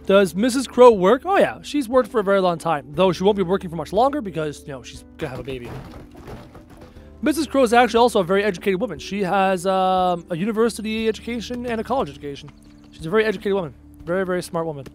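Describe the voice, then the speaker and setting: A man's voice: high-pitched, animated, fast, faint music behind. A young man chatting casually on a live stream, answering chat bluntly and repeating phrases for emphasis.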